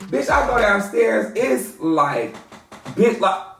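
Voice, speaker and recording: A woman with a Southern American accent, telling a wild personal story in an animated storytime vlog and swearing freely. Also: slow pace, roomy sound, distant mic, over music. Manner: animated, swears a lot, acts out her own lines in a high loud voice.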